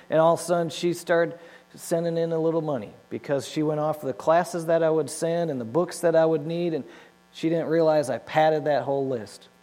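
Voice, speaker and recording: A man giving a personal testimony, slightly higher-pitched than most men. He tells it with animated storytelling and acts out what he once said. His voice rings in a long hall reverb over a low mains hum. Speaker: speaker telling his life story.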